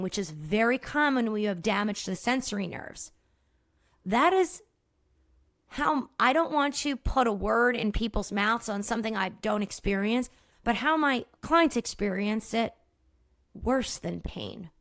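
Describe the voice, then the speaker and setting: Woman, podcast host, movement practitioner, emphatic, energetic, direct address, fairly high voice. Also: no room sound, studio quality. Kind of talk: solo educational podcast talk.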